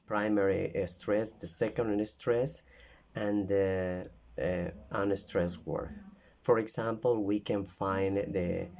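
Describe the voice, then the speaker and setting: A man explains a classroom method at an unhurried, careful pace. His voice sits deep and low, and he stops often on fillers and restarts before going on. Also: a little mellow. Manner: halting, with many fillers and restarts. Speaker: English teacher.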